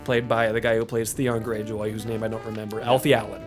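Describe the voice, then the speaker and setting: A man's voice: lowish voice, little pitch movement, fast talker, over music. A man co-hosting a podcast, casually explaining film plots with fillers. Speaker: podcast co-host. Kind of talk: casual movie-review chat.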